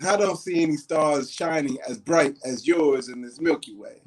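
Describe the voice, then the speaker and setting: A man performing a romantic spoken word poem at a virtual open mic, in a smooth, lyrical delivery over a video call. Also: on the high side, normal speed.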